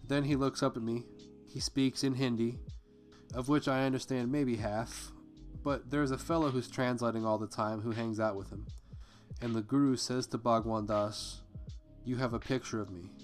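A man's voice: mid-range voice, steady tone, moderate pace, faint music behind. A man hosting a podcast, reading a memoir aloud in a casual way and breaking off to comment on it. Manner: conversational, breaks off to comment and curse. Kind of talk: casual read-aloud with personal asides.

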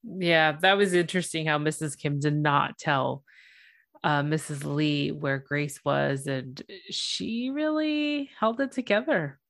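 A woman's voice: deep voice, slow, creaky, a bit bright, no room sound, clean studio sound. A woman co-hosting a podcast, adding brief remarks in casual chat. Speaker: podcast co-host.

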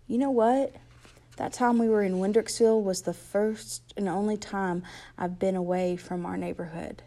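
A woman's voice: medium pitch, fairly even intonation, dark tone, natural voice. A woman reading Johnny, a hurt scared teenage boy. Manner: slangy, halting, pained. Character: scared injured teenage boy, bitter and gentle.

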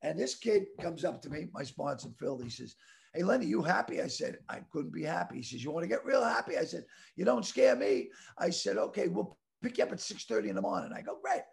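A middle-aged man from the Boston area telling a rambling story with stammering restarts and animated voices. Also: fairly high pitch, brisk, gravelly. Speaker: comedian guest telling a story. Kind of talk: casual storytelling.

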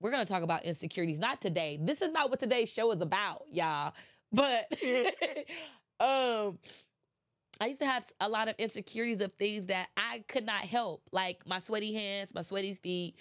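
This podcast host has a mid-range, expressive voice with a fairly bright tone, speaking at a moderate pace. Congested and nasal from allergies, she chats casually about motivation and at points rises to impassioned preaching.

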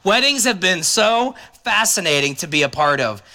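A man's voice: sits high, big pitch swings, moderate pace, pushed and bright. A man preaching a sermon as a pastor, talking conversationally and dropping joking asides to the congregation.

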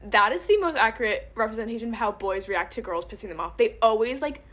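A woman's voice: a little high, expressive, fast talker, a bit bright. A young woman chatting casually as she recaps a movie with a friend, laughing and using lots of fillers.

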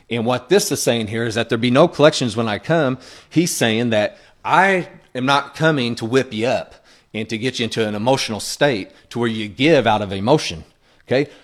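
A man preaching in an earnest, plainspoken way, his voice sitting at an ordinary middle pitch. He talks to the congregation like a conversation, pausing to check in with them as he teaches. His sermon style is relaxed and direct rather than showy. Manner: frequent checking-in asides to the congregation. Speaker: pastor.

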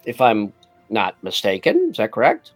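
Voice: mid-range voice, huge pitch swings, moderate pace, breathy edge, no echo, soft background music. A podcast host in casual chat, hesitant with many fillers and frequent laughter.

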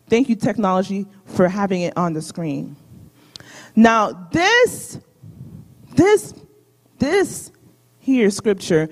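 Exhorting preacher in a reverberant sanctuary. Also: mid-range voice. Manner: exhorting, asks congregation to repeat lines. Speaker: guest preacher. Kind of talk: sermon with call-and-response. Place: church sanctuary with in-person and online audience. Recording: long hall reverb of a sanctuary.

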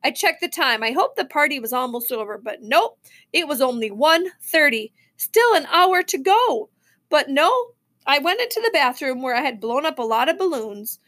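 A woman reading a children's novel aloud, expressive, with small slips and restarts. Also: high-pitched, normal speed. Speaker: reader.

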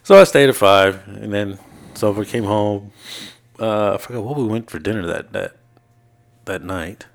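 A man's voice: fairly low pitch, unhurried, pauses often. A man co-hosting a podcast, telling long stories from his week in casual, profane chat and acting out what people said. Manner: profane, animated retelling with laughs. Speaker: podcast co-host.

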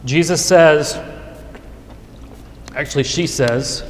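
A man's voice: a little high, lively intonation, normal speed, a little hiss or hum. Man preaching in an echoey hall. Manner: earnest and conversational, with frequent restarts. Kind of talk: sermon. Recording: echoey hall with long reverb.

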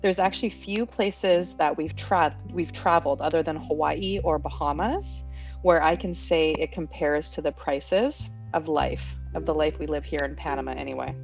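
Canadian woman, casual podcast host, lower voice, lively and frank, slightly muffled recording with faint music. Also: moderate pace, vocal fry. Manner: lively, outspoken, laughs easily.

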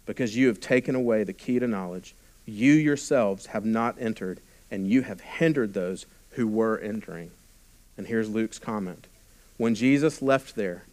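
A pastor preaching a sermon, reading scripture and explaining it, often dropping to a quiet, intimate tone and then rising with force. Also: male voice, medium pitch. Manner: preaching with sudden drops to a hushed voice and swells in volume.

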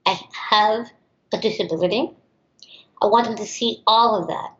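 A woman's voice: medium pitch, normal speed, a bit bright. A young American woman, a teacher, answering interview questions in an outspoken and emphatic way. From United States. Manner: outspoken and emphatic, acts out others' voices. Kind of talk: interview answers, personal storytelling. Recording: roomy, slightly dull recording.

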